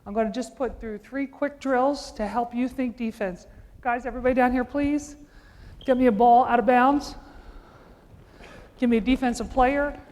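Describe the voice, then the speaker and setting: Brisk woman coach in an echoing gym. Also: a little high, darkish tone. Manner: brisk, commanding, repeats urgent calls. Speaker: basketball coach. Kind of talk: coaching clinic with live drills. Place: large indoor gym. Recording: long echoing gym reverb.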